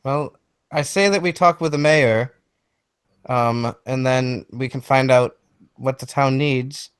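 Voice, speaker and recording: A man's voice: medium pitch, slow, clear, resonant tone, dry recording. Man player, dry close sound. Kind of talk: tabletop game play.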